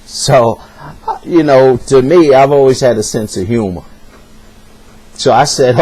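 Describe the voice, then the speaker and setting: A man at an ordinary, middle pitch recounts something that happened to him in plain, casual speech. He sounds earnest and wounded, talking straight to the listener as if they are sitting across from him. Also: unhurried, pauses often, darkish tone, breathy edge. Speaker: personal storyteller. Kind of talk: casual spoken storytelling.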